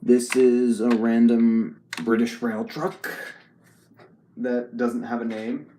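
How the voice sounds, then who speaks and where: A man chatting casually on a live stream. He talks haltingly, with frequent ums and restarts, and answers chat messages as he goes. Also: medium pitch, flat delivery, dark tone, echoey room, slight background noise.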